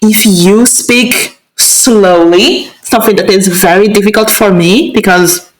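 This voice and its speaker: Woman hosting a chat, slow and hesitant, lots of ums, echoey room. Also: medium pitch. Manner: hesitant, many fillers. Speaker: host. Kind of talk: casual conversation.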